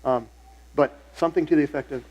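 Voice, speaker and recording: A man's voice: on the high side, quick pace, a little mellow, husky, poor audio. A middle-aged male pastor preaching a sermon in a church, telling stories in a conversational way and repeating phrases for emphasis. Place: church sanctuary.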